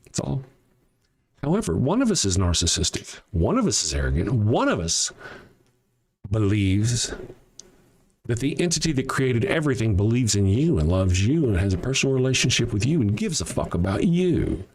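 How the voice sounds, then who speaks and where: A man's voice: fairly low pitch, big pitch swings, normal speed, a little mellow, husky. A man hosting a livestream, answering his chat with sarcastic, mocking rhetorical questions and frequent swearing. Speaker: livestream host. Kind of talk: livestream commentary reading chat.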